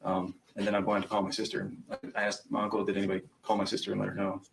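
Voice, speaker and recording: A man's voice: lowish voice, monotone, rapid-fire, gravelly, a little hiss or hum, low-quality recording. A young man testifying as a witness in court, recounting events hesitantly with frequent ums. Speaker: trial witness.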